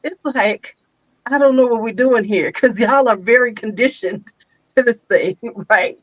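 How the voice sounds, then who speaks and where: Older woman host, casual, laughs a lot, pitched up, dry close sound. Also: measured pace, no room sound. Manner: lively storyteller who laughs often and acts out quotes. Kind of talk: casual chat.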